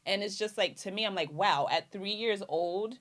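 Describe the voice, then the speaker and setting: Woman, co-host, casual, chatty, mid-pitched voice. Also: normal speed, fairly bright tone. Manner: chatty, many fillers. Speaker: podcast co-host. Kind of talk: casual chat. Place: studio with cameras.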